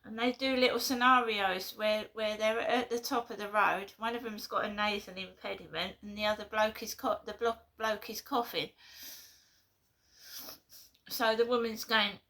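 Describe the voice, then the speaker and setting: Indignant woman, gravelly voice. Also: mid-range voice, fairly even intonation, moderate pace, pushed and bright. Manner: indignant, rambling, many fillers. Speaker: vlogger. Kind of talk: casual vlog monologue.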